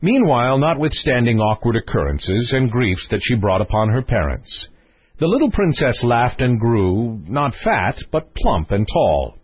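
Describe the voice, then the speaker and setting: A man narrating a fairy tale with a husky voice that swings widely in pitch as he tells the story. The recording is close and dry, with slightly muffled highs. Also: measured pace, no echo. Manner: expressive, storytelling. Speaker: audiobook narrator.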